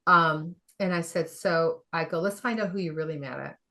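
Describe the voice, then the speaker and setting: A middle-aged woman, a functional medicine practitioner, telling a story in an animated way, acting out the quoted dialogue and laughing often. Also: deep voice, normal speed. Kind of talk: conversational storytelling.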